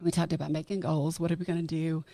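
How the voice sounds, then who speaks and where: A middle-aged woman talking as a podcast guest, earnest and emphatic, slowing down to stress her key points. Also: low-pitched, level tone, gravelly, mellow, no echo. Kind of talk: casual chat.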